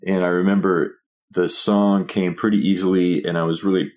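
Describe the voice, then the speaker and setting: Very low-voiced hesitant man from Oklahoma. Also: flat delivery, normal speed, a little mellow. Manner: hesitant, many fillers, searching for words. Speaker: interview guest, songwriter and filmmaker. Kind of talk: interview answers.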